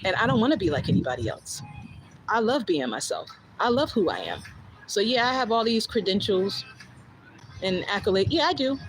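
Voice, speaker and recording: A woman's voice: mid-range voice, sing-song, normal speed, background noise. A woman with a New Jersey accent chatting casually on a livestream, blunt and candid, swearing freely and answering viewer comments. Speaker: livestream host.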